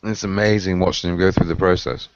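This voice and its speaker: Deep-voiced man on a lo-fi video call. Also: steady tone. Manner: measured, thoughtful, with hedging fillers. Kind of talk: casual chat. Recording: dull lo-fi video call audio with faint noise.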